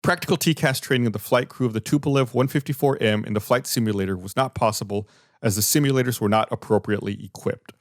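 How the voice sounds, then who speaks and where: A man's voice: medium pitch, fast, no echo, clean studio sound. A man hosting a podcast, explaining events and reading findings in a loose, conversational way. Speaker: podcast host. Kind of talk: casual podcast discussion.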